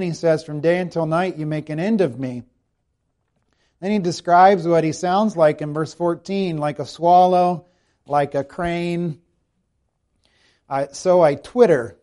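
Male pastor, expository sermon, reads scripture slowly; a touch higher than average pitch. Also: darkish tone. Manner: expository preaching, rhetorical questions to the congregation.

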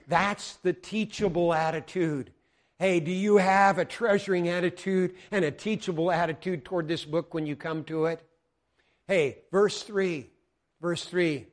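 An American man from Colorado delivers a sermon in a fairly high voice. He moves between loud, ringing exclamations and quiet, earnest asides to his congregation. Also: normal speed. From Colorado, United States. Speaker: preacher.

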